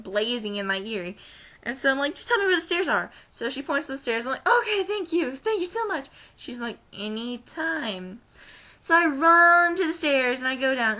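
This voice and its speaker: A young American woman vlogging, telling a story casually and acting out the voices of the people in it. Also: on the high side. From United States. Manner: animated, acts out quoted voices.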